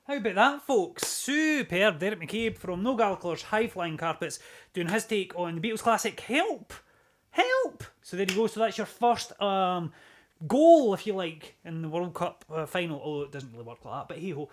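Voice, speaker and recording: A man's voice: high-pitched, lively intonation, normal speed, slight background noise. A man from Scotland hosting a live-streamed music show, casually reading out viewer comments, joking and breaking into bits of song. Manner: chatty, jokey, swears, sings snatches of songs.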